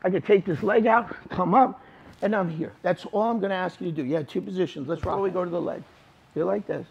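A man's voice: high voice, fast, gravelly, darkish tone, breathy edge, lo-fi sound. A man teaching a jiu-jitsu class in a gym, talking through techniques as he demonstrates them, informal and emphatic. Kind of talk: live class instruction. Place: training gym.

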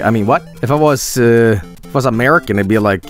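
A man streaming a game, commenting with sudden yelps, shouts and swearing. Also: mid-range voice, quick pace, faint music behind. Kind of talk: live gameplay commentary.

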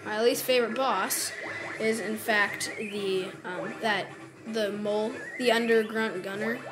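A woman giving casual commentary over a video game, chatty and quick to exclaim and groan in frustration. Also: mid-range voice, steady tone, low-quality recording. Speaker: let's play gamer. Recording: game music playing behind.

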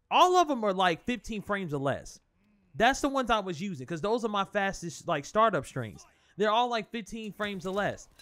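A young man commentating his own fighting-game match, swearing a lot and talking to his opponent and viewers, easily worked up. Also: high-pitched. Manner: profane, excitable, talks to his opponent and viewers. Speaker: gaming channel host. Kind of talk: live gameplay commentary.

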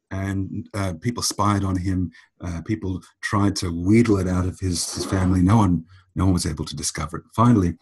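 A man's voice: sits low, darkish tone, breathy edge. A man hosting a podcast, explaining ideas in a thoughtful, storytelling way. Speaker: podcast host.

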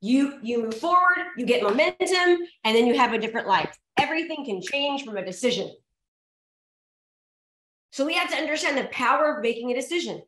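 A middle-aged woman giving an energetic motivational seminar as a real estate coach. She is emphatic, repeats her key phrases and calls out to the audience. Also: high-pitched, brisk. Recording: echoey room.

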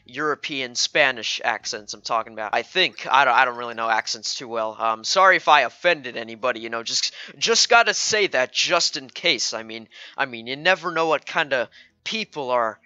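A man's voice: mid-range voice, lively intonation, moderate pace, pushed and bright, smooth, no room sound, highs cut off. A man narrating a video game playthrough in a rambling, jokey way, stammering and repeating words. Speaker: gaming YouTuber. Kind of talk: let's play commentary.

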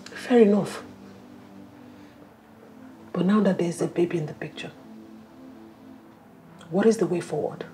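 A Nigerian actress playing a hurt wife in a film drama, speaking earnestly and wistfully. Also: female voice, lowish voice, measured pace, long pauses, over music, lightly acted. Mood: questioning. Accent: Nigerian English. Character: hurt, frustrated wife, woman, adult.

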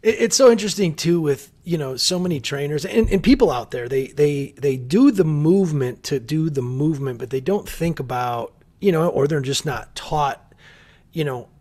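A man hosting a podcast interview, agreeable and quick to laugh, often restarting his phrases. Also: fairly high pitch, darkish tone. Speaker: podcast host. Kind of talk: casual interview chat.

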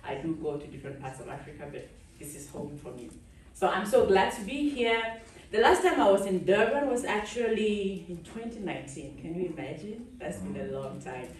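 A woman's voice: mid-range voice, animated, a little fast, darkish tone, a little hiss or hum. A woman from Cameroon giving a chatty, audience-engaging conference keynote. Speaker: keynote speaker. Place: large conference hall. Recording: echoey hall from a distance.

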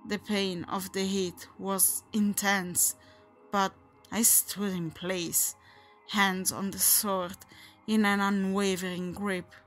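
Slow woman narrating horror. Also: mid-range voice, flat delivery, a bit bright, faint music behind. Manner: measured, unhurried storytelling.

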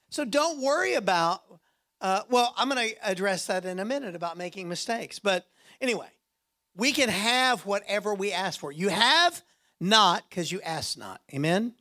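A man preaching a sermon in a church with a lively, animated delivery. He jokes with the room and often acts out other voices as he talks. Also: sits high, moderate pace. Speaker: guest preacher.

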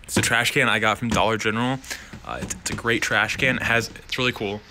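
A man's voice: lowish voice, fairly even intonation, a little fast, noisy background. A young man, a college student, rambling through a casual tour of his dorm room with lots of fillers, talking to a handheld camera. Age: young adult. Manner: rambling, filler-heavy, wanders off topic.

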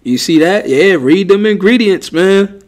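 A man's voice: high voice, lively intonation, measured pace, a little mellow. A man who teaches religion, giving rambling, heated casual commentary with frequent restarts.

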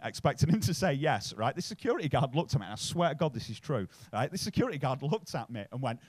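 A man's voice: on the high side, huge pitch swings, brisk, few pauses, pushed and bright, no echo. A man from Bury near Manchester with a Manchester-area accent, doing a sweary stand-up set in a comedy club, chatting with the crowd and tagging lines with "right?".

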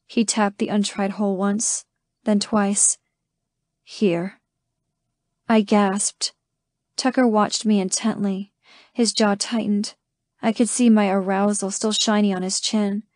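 A woman reading a first-person romance audiobook in a slow, intimate way. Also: medium pitch, level tone, darkish tone, dry recording, studio quality. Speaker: audiobook narrator. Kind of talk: scripted first-person narration.

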